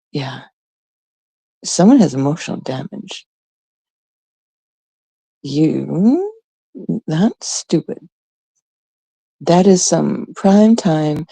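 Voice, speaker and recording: A woman with a low, gravelly voice rants to her livestream chat, sarcastic and full of swearing. Her tone is dark and mellow, and she talks slowly. The sound is dry and close, with no room around it. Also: dry recording. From Canada. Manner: profane, sarcastic, ranting. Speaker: livestream host.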